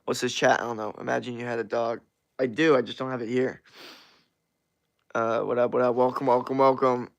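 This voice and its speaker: Gravelly, blunt young-sounding streamer man. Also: mid-range voice, flat delivery, fairly quick, no room sound. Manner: blunt and profane, laughs often. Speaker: streamer answering chat. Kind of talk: casual livestream chat.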